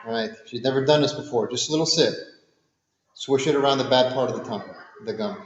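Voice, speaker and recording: A man's voice: medium pitch, fast, vocal fry, echoey room, big-room sound, muffled recording. A man helping his partner rinse with salt water, giving coaxing instructions and joking to the viewers.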